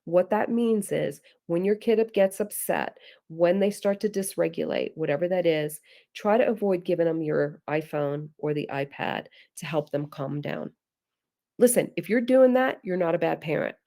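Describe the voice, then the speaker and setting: A middle-aged woman presenting a parenting webinar, earnest and direct, sometimes acting out gentle things a parent might say. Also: on the low side, normal speed, gravelly. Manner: earnest, direct, addresses listeners as guys; acts out gentle parent phrases. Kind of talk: teaching webinar talk.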